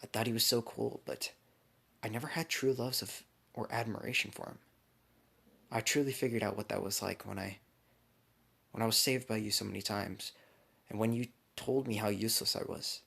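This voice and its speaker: A man's voice: fairly low pitch, fairly even intonation, moderate pace, vocal fry, pauses often, fairly bright tone, breathy edge, full character voice. A man retelling a fan story, speaking the lines of a young female ninja in his own voice without much change. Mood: earnest. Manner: quoted in the narrator's own voice. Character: young woman ninja, earnest, admiring.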